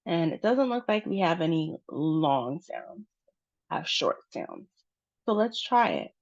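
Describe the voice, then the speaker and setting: Slow, patient American woman teaching. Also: low voice, big pitch swings. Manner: patient, spells out stress and syllables slowly. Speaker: pronunciation teacher. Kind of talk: slow pronunciation lesson. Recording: dull, dry, lo-fi sound.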